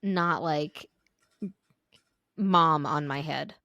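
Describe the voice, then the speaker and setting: A woman's voice: low voice, extremely slow, no room sound, dull audio. A woman in her thirties co-hosting a podcast, telling a story in casual chat, full of "like" and "um", livening up when quoting people. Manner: chatty, filler-heavy, animated when quoting. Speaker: podcast co-host.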